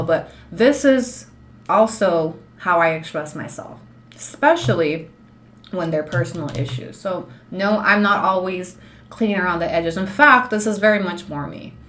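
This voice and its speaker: Talking straight to her viewers on an unplanned live stream, this law student in her thirties is blunt and swears freely, occasionally switching into Spanish. Her mid-range voice has a bit of brightness, and there's slight background noise.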